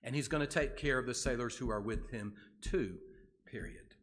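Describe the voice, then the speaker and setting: A man's voice: medium pitch, normal speed, fairly bright tone. A man leading a Bible study in a church, reading scripture aloud and then explaining it in a casual way with fillers and restarts.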